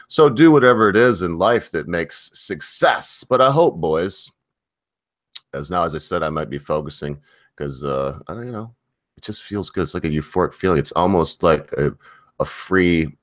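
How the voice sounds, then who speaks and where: Deep voiced guy hosting a stream, rambly, dry close sound, keeps saying uh. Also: fairly bright tone, no room sound. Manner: rambling, laughs often, many fillers. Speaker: podcast host. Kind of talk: casual stream chat.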